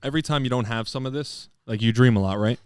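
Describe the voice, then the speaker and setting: Fast-talking man telling a story. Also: mid-range voice, clean tone, no echo. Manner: loose, profane, laughing storyteller. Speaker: podcast co-host. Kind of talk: casual storytelling among friends.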